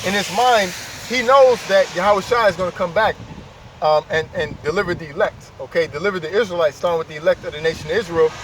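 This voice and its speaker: A man's voice: high-pitched, fast. A man preaching informally outdoors, emphatic and repetitive, often saying "man" and "okay". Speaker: street preacher. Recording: distant mic, loud traffic noise outdoors.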